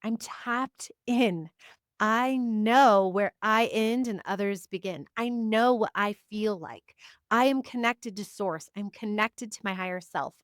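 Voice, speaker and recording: A woman's voice: medium pitch, a little slow, no room sound, clean studio sound. Emphatic woman talking to camera. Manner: emphatic, repeats short affirmations; chatty, frequent "like" fillers. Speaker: psychic reader and spiritual teacher. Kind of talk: casual personal monologue to camera.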